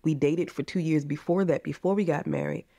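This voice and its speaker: The voice of this woman sits low and mellow, moving fairly quickly, in clean studio audio free of room sound. In her forties and from the United States, she guests on a podcast, giving a candid, passionate and earnest interview in which she often says "you guys."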